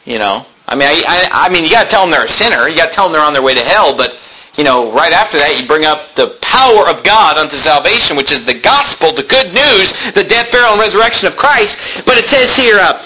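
A man preaching with a lively, swooping delivery, reading scripture aloud and arguing his case with sharp mocking asides. His voice sits a little high and sounds bright, with a faint hiss of noise behind him. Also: brisk, low-quality recording. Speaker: pastor.

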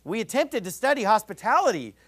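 A man's voice: high voice, very animated, brisk, a bit bright. A man preaching a sermon in a heated, combative, ranting manner. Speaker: pastor.

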